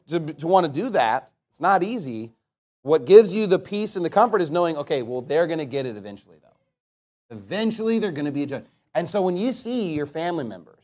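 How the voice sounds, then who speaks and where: A man with a notably high voice preaches a blunt, fiery sermon. He swings between loud emphasis and quiet asides, and slows to a solemn cadence when reading scripture. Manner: reads scripture in slow, solemn tones. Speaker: pastor.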